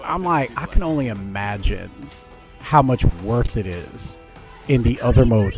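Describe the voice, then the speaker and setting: A man's voice: on the high side, a little mellow. A man hosting his gaming channel, ranting with indignation about teammates and mocking them in quoted voices. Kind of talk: ranting gameplay commentary. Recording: music playing behind voice.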